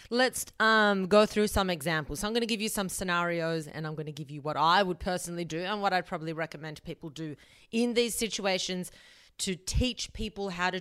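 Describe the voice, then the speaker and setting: A woman's voice: fairly low pitch, dry recording, clean studio sound. A young woman hosting a solo advice podcast, talking bluntly and emphatically and swearing casually. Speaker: podcast host.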